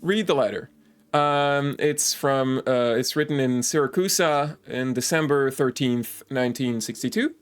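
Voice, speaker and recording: A man's voice: medium pitch, unhurried, clean tone. Man reading game text on stream. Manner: reads aloud, then breaks off for joking asides; stumbles and restarts on foreign words.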